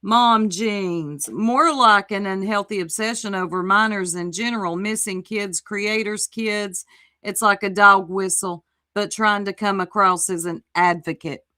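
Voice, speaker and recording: A woman's voice: mid-range voice, fairly even intonation, measured pace, pushed and bright. A woman hosting a casual commentary livestream, sassy and exclamatory, reading chat aloud and reacting to a clip. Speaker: livestream host.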